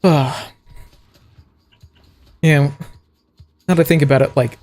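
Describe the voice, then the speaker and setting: A man from the American South streams a video game and chats loosely, rambling between moves with plenty of fillers and laughs. His voice sits a little high for a man. Faint game music plays behind him. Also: fairly even intonation, slow, a little mellow. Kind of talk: casual gameplay chat.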